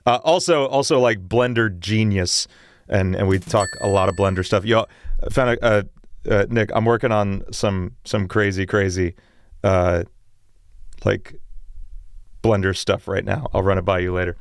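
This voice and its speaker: A man's voice: fairly low pitch, a little slow, no room sound. A young man hosting a music livestream, talking in a loose, rambling way with frequent laughs. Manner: excitable, rambling, laughs often. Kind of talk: casual livestream chat. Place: home music studio.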